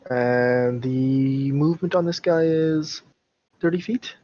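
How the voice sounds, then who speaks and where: Man, tabletop player, mid pitch, easygoing, lo-fi voice chat. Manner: easygoing, quick to laugh. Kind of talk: playing a tabletop game online. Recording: dull, lo-fi voice chat.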